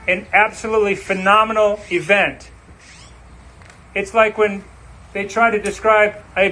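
Bright, high-voiced preaching man. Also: poor audio. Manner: dramatic preaching with slow emphatic phrases. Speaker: pastor. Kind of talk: sermon.

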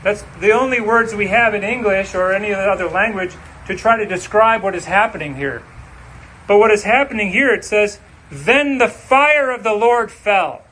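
A male pastor delivering a sermon, reading scripture and preaching with slow, emphatic, dramatic phrases. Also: sits high, pushed and bright, husky, low-quality recording.

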